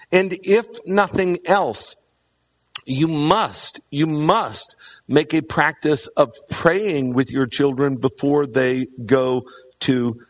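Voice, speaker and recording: A man preaching a sermon in an earnest way, repeating key points for emphasis and often pausing on "uh". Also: on the high side. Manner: earnest, emphatic repetition, frequent "uh" fillers.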